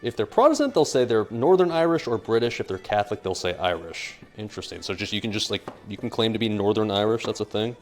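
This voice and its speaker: Brief: young American male streamer, cooking live, rambling jokey chat, low voice that swings widely, faint music underneath. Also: big pitch swings, fast, few pauses. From United States. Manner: rambling, joking, reads chat aloud.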